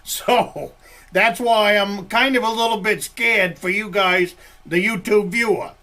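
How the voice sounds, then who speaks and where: An older Maine woodsman tells rambling campfire-style stories in a folksy, chuckling way. His voice is high for a man and his pace is slow and drawn out, with a thick Maine accent. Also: sharp tone. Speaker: woodsman vlogger. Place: log cabin.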